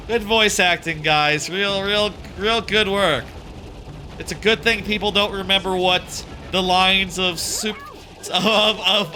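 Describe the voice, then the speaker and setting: Male streamer, casual game commentary, sardonic, stammering restarts, sharp tense tone. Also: sits high.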